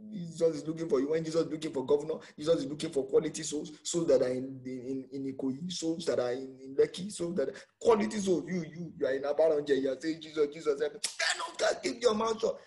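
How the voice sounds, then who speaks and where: Animated Nigerian preacher man. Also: fairly high pitch, fast, few pauses. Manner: animated, emphatic preaching with rhetorical questions. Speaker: pastor. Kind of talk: sermon.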